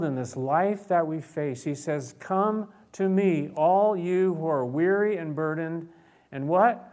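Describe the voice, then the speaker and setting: A man preaching a sermon as a pastor, repeating words and restarting, swinging between loud emphasis and hushed, near-whispered lines. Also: medium pitch.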